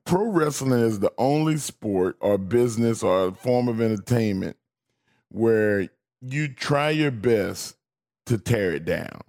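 A man's voice: mid-range voice, lively intonation, takes it slowly, darkish tone. A man co-hosting a radio show, telling stories in a wry way with bursts of mock outrage. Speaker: radio co-host. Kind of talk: casual radio sports talk.

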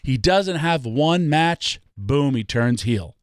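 A man's voice: a little high, expressive, slow, no room sound, clean studio sound. A man ranting about wrestling on a talk show, emphatic and full of rhetorical questions. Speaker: wrestling podcast guest. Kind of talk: passionate ranting commentary.

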